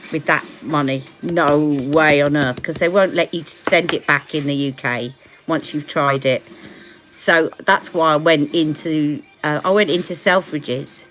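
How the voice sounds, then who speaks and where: A woman's voice: deep voice, a bit bright, a little hiss or hum. Chatty British woman beauty streamer. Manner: chatty, rambling, laughs often. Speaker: beauty live-stream host. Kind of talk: casual live-stream chat.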